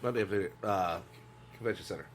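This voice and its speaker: A man in casual podcast chat explaining in a halting way, correcting himself and swearing casually. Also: on the low side, a little hiss or hum.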